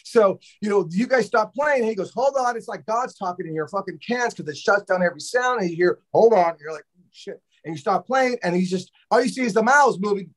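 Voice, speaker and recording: Animated, profane male drummer telling stories. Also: sits high, brisk, hardly any pauses. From Los Angeles. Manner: animated, profane, acts out quotes. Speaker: drummer guest. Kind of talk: casual storytelling interview.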